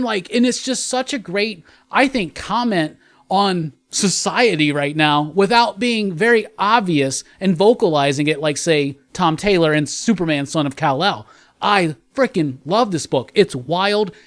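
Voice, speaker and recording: A man guest-hosting a comic book review, excitable and wordy, piling up adjectives as he raves. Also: sits high. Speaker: guest co-host from another channel. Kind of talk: enthusiastic review chat.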